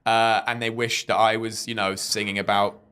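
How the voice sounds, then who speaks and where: A young man and podcast host, telling a stand-up story in a casual, animated way and acting out the people in it. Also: on the low side, moderate pace, smooth. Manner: animated storyteller who mimics people in quotes.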